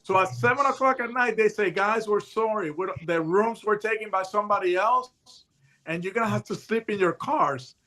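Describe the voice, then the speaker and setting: High-voiced, bright older male storyteller. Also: moderate pace. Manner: animated storyteller who acts out voices in his tales. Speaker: guest, retired hostage negotiator. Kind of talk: casual anecdotal storytelling.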